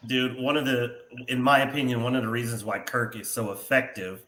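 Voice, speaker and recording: A man on a panel giving his view in a measured, unhurried way. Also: mid-range voice, fairly even intonation, fairly bright tone, reverberant.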